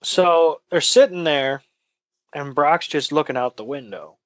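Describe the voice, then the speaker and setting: A man's voice: on the high side, lively intonation, unhurried, no echo, muffled recording. A man co-hosting a podcast in casual chat, recapping with profane jokes and quoted lines. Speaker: podcast co-host.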